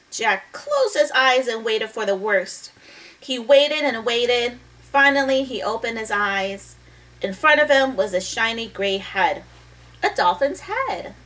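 A woman reading a children's chapter book aloud in a lively, expressive way, stopping now and then to talk about the pictures. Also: fairly high pitch, unhurried, recorded from a distance, poor audio. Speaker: storybook reader.

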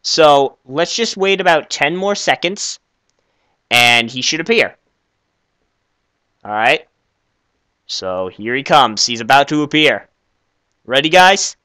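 Excitable young man with lively pitch. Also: slow pace, long pauses, clear, resonant tone, no echo. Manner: excitable, stammering, easily flustered. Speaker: video creator. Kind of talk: comedic game skit.

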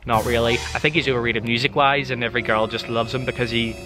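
A young man hosts a casual reaction vlog, throwing out playful, exaggerated rants. His voice sits at an ordinary middle pitch for a man. Loud background music plays under his talk. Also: steady tone, fast talker. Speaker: vlogger.

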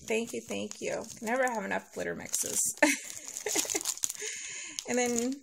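A woman vlogger unboxing a package, sweet and gushing and thankful, sounding sleepy and a little hoarse. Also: fairly high pitch, slow, background noise. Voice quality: gravelly vocal fry. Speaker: nail vlogger opening a giveaway package. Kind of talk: casual unboxing chat.

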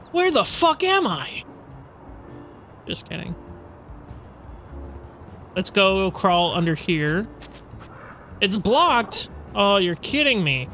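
Unhurried, bright-voiced, foul-mouthed gamer talking over play. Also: medium pitch. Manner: chatty, swears freely, with loud frustrated outbursts. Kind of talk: casual gameplay commentary.

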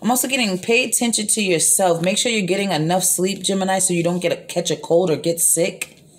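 A woman's voice: lowish voice, fairly quick. Rambling woman giving a tarot reading. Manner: rambling, repeats herself, frequent fillers; profane, blunt. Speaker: tarot reader. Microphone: phone.

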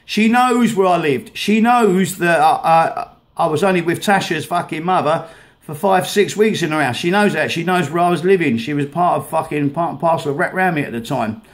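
A vlogger ranting angrily while playing clips of videos, swearing heavily and stumbling over repeated words. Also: male voice, on the high side. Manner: swears heavily, halting and repetitive. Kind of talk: angry rant over played videos.

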